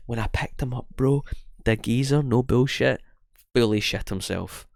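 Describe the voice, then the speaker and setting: A man's voice: medium pitch, fairly even intonation, fairly quick, gravelly, dry recording, clean studio sound. A young Scottish man co-hosting a podcast, telling rambling stories with lots of swearing and restarts. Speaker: podcast co-host. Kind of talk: casual chat.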